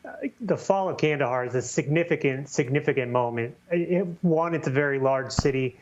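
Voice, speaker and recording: A man, a newspaper reporter, answering an anchor's question deliberately, with fillers and repeated words. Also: mid-range voice, highs cut off. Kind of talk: news interview answer.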